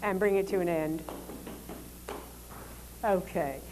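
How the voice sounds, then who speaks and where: A woman leading a lecture demonstration, giving calm, polite directions to dancers and explaining as she goes. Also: on the low side, takes it slowly, background noise. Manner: calm, instructive, polite commands.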